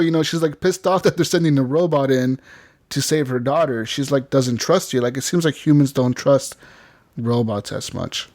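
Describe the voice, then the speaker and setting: A man's voice: medium pitch, steady tone, fairly quick, darkish tone, dry recording, studio quality. A man co-hosting a gaming podcast, telling a long story with lots of fillers, laughs and acted-out lines. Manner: rambling, laughing, acts out game lines. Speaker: podcast co-host. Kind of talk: casual gaming chat.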